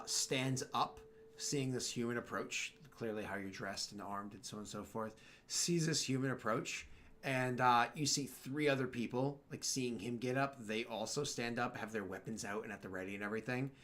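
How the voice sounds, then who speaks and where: Hoarse male game master narrating. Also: medium pitch, moderate pace, fairly bright tone. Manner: rambling, filler-heavy narration. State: hoarse, cracking voice.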